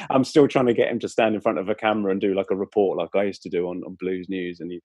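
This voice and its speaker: A man's voice: low-pitched, fairly even intonation, fast talker, few pauses, no echo. A man, a club presenter telling anecdotes as a guest in casual chat, with many fillers and restarts. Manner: warm storyteller, frequent fillers and restarts.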